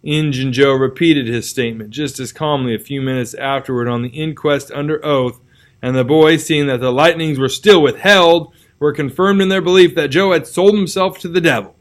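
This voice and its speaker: A man reading a classic novel aloud as narrator, in a measured, dramatic storytelling manner. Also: fairly high pitch.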